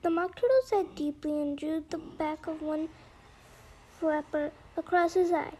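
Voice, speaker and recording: A woman reading a classic children's book aloud in a steady, gentle way, with small slips. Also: sits high, measured pace, a little hiss or hum, low-quality recording. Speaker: storybook reader.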